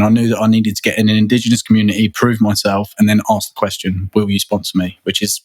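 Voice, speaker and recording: A man's voice: fairly low pitch, little pitch movement, fast, hardly any pauses, husky. A man, a guest in a casual interview, talking earnestly and rambling, often repeating words and restarting. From England.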